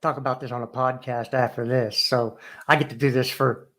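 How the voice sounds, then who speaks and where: A man's voice: medium pitch, flat delivery, brisk, sharp tone. A man as a guest fan on a call, talking in a deflated, hesitant way with many fillers after a match. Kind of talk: casual post-match chat.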